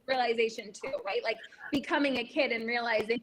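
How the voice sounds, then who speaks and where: A woman's voice: fairly high pitch, big pitch swings, a little fast, few pauses, rough recording. A woman appearing as a guest on a talk show, speaking in an affirming, thoughtful way. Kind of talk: conversational talk show chat.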